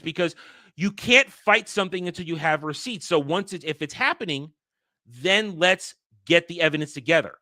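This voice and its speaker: A man's voice: high-pitched, pushed and bright, dry recording, clean studio sound. A man hosting a daily entertainment news show, reading headlines and giving blunt, profane, irritated takes. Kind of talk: casual ranting commentary on headlines.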